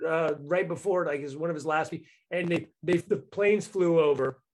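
A man in casual political chat, animated and mocking, swearing freely as he talks. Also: high-pitched, moderate pace, low-quality recording.

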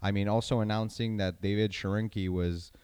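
A man's voice: lowish voice, a little fast, clear, resonant tone, dry recording. A young man with a French Canadian accent, an event announcer telling stories in casual chat, rambling with many restarts. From French-speaking Canada. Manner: rambling, restarts often, animated storytelling.

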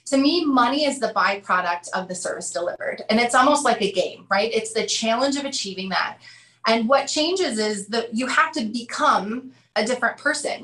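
A woman in her thirties, a podcast guest talking through ideas and acting out quotes in animated storytelling. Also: fairly high pitch, roomy sound, poor audio. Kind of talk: conversational interview.

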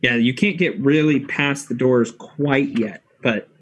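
A man narrating a tabletop role-playing game as game master, in a slow, laid-back way. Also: medium pitch, low-quality recording.

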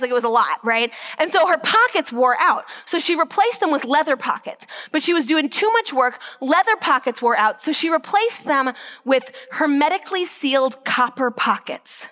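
In an inspirational Catholic talk, a woman with a high voice tells her stories energetically. She emphasizes points by dropping into a hushed whisper and by drawing out the significant words slowly.

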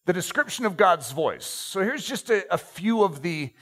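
A middle-aged man delivers a sermon in a somewhat high voice. He reads scripture aloud, leaning on key words and slowing for effect. Between passages he tosses in light asides to the congregation. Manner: expressive, slows and stresses key words, joking asides. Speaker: preacher. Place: church stage, handheld mic.

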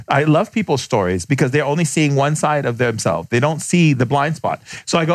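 A man's voice: sing-song, no echo. Blunt man telling stories, dry close sound. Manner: acts out quoted people with big pitch jumps; emphatic, blunt, fast bursts. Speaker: podcast guest, shaman. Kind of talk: animated storytelling in conversation.

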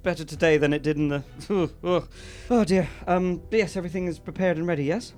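A man's voice: on the high side, fairly quick, darkish tone, soft background music, lightly acted. A man voicing a frazzled, nervous woman in a fantasy tale who hesitates and laughs anxiously.

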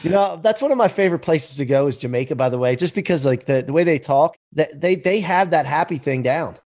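A man hosting a casual interview, talking in a relaxed conversational way and often checking with "right?". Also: fairly high pitch, a little fast. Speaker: podcast host.

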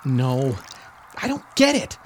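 A man's voice: mid-range voice, sing-song, slow, slight background noise. A man playing a glum, put-upon husband. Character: glum middle-aged husband Gary. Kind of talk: audio drama acting.

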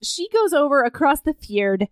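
A woman co-hosting a casual chat, sarcastically retelling a story and acting out its characters in quick asides. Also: high voice, sing-song, no room sound, clean studio sound. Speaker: podcast co-host recapping a novel.

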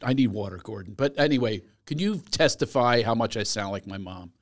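A man's voice: on the low side, brisk. A man in casual comedic chat, telling self-mocking stories in a wry way.

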